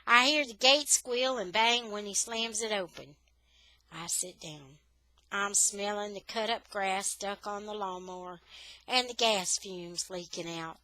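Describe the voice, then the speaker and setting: Slow, bright-voiced woman reading a story. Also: medium pitch, dry recording, poor audio. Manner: slow, careful, expressive storytelling. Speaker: reader, English tutor. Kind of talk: reading a children's novel aloud.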